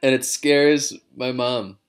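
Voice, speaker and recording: A man's voice: medium pitch, steady tone, slow, clear, resonant tone. A man, a comedian, chatting casually and rambling from his living room, drifting between digressions with self-mocking humor. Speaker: comedian vlogger.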